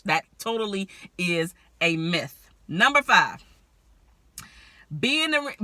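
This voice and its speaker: A woman with a very bright, forward voice giving relationship advice straight to camera. She talks candidly and with animation, often breaking into laughter. The sound is close and dry, with no room around it. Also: medium pitch, dry recording. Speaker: relationship strategist. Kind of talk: direct-to-camera advice vlog.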